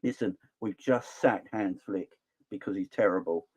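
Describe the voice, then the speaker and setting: Man putting on a German football official, male, low mumbled voice, pleading on the phone. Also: moderate pace, a little mellow, husky.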